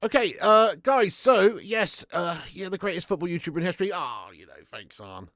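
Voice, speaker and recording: A man with a slightly raised voice hosts a casual football livestream and reads viewer comments aloud. He is chatty and laughs often, jumping from loud shout-outs down to low, muttered asides. The sound is close and dry, with no room around it. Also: animated, moderate pace, dry recording. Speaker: football channel host on livestream. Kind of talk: casual live-stream chat reading comments.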